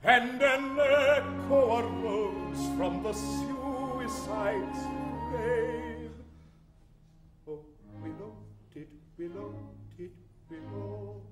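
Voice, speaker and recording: A comic lovesick suitor. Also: male voice, very high-pitched, drawn-out words, loud music behind the voice, exaggerated voice. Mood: mournful singing. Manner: overblown theatrical pleading, then sung ballad. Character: comic lovesick man wooing a fierce older woman. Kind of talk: comic light opera stage performance. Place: theatre stage. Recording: roomy stage sound with loud orchestra.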